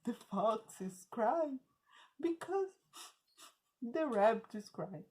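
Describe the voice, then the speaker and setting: A woman voicing a sad, sulky wolf in a storybook, slow and plaintive, speaking English as a Portuguese native. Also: a little high, expressive, darkish tone, husky, full character voice.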